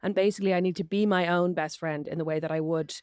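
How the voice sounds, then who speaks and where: Quick Irish woman, dry close sound. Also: fairly low pitch, steady tone, darkish tone, smooth, no echo. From Ireland. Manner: chatty, reflective, finishes the other's sentences. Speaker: podcast co-host. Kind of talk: casual chat.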